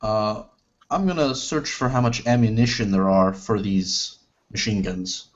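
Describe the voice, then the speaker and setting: A man's voice: lowish voice, measured pace. A man playing a tabletop game, chatting casually and joking around. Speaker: player. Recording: dull lo-fi sound.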